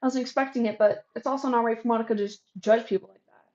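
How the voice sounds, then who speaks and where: A woman's voice: a little high, steady tone, very fast, lo-fi sound, natural voice. A woman reading a kind reassuring young man. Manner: gentle, reassuring.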